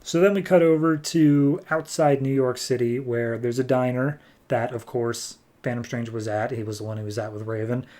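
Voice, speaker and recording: A man's voice: medium pitch, flat delivery, normal speed, hardly any pauses, dark tone. A man hosting a comic book podcast, recapping an issue in a chatty, jokey way and acting out the scenes.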